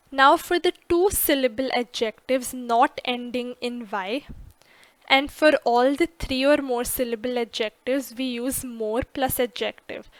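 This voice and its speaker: A woman narrating an English grammar lesson, slow and careful, stressing each example word clearly. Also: a little high, a bit bright, dry recording.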